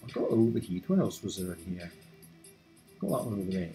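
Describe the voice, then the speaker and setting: A man's voice: low voice, a little fast, warm tone, faint music behind. A man casually commenting on a video game he is playing, chatty, reading game text aloud and adding wry asides. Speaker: let's play host.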